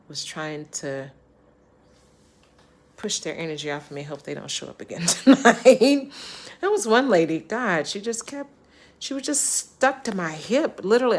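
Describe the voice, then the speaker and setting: Chatty woman vlogger telling a story. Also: lowish voice. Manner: chatty, animated, laughs often. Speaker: travel vlogger. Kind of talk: casual storytelling vlog.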